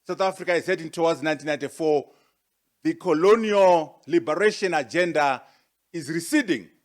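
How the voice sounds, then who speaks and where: A man with a high-set voice delivers a formal presentation to an audience. He speaks emphatically, stacking rhetorical questions and leaning on key words with sharp rises. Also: fairly quick. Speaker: guest speaker.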